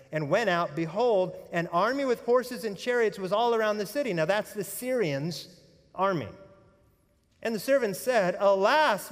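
A man preaching a sermon as pastor, telling the story with animated energy and folksy humorous asides, sometimes dropping to a hushed tone. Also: high voice, big-room sound.

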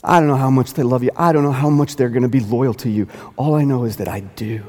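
A man's voice: medium pitch, quick pace, darkish tone, long reverb tail. A man preaching a sermon as pastor, earnest, repeating phrases for emphasis and lifting into quoted dialogue.

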